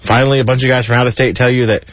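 Talking very fast, a man with a mid-range voice delivers a list of jokes on his community radio show in an animated way, chuckling between each. The studio has no echo, and the broadcast quality is dull and lo-fi.

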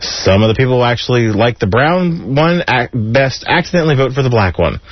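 Reading jokes off a list at a fairly quick clip, a mid-range male community radio host laughs between them and keeps the delivery animated. The studio shows no room sound, and the broadcast is dull and lo-fi.

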